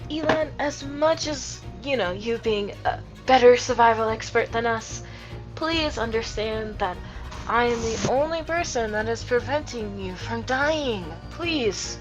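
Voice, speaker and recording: A woman with a slightly high voice plays her character in an online tabletop game. She speaks earnestly, with clear music playing under her. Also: a little slow, dull audio. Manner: earnest, pleading. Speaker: player. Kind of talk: casual in-character play.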